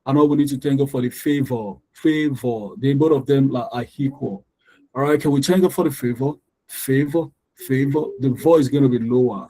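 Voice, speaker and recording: Heard on a low-quality recording, this male English tutor speaks briskly in a warm, medium-pitched voice. His pronunciation lesson drills word stress through constant repetition of words, with life advice mixed in.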